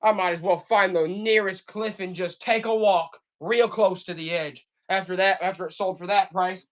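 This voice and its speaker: A woman selling items on a live stream auction in fast, joking, hyped-up sales patter, coughing now and then. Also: fairly low pitch, fairly even intonation. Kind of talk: casual live selling banter.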